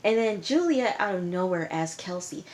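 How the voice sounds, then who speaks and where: A woman's voice: on the low side, lively intonation, moderate pace, darkish tone, a little hiss or hum. A woman casually recapping a reality TV episode in a chatty, slangy, exasperated way. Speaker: TV show reviewer.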